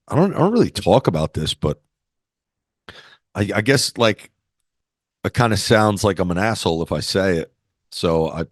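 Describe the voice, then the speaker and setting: A man's voice: low-pitched, no echo, studio quality. A man telling stories as an interview guest in a brash, swaggering, profane way. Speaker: interview guest, former wrestler. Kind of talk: casual storytelling interview.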